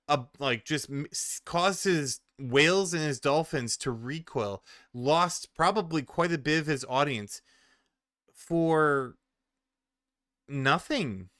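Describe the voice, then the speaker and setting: A man's voice: a little high, fairly bright tone, dry recording, studio quality. A man in his forties doing reaction commentary, ranting in exasperation with plenty of profanity. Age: 40s. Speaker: commentary streamer.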